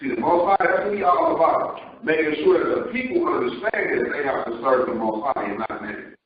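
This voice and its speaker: Man, reading scripture, slow, rising and falling pitch, very echoey, muffled. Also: very animated. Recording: distant, roomy, muffled recording.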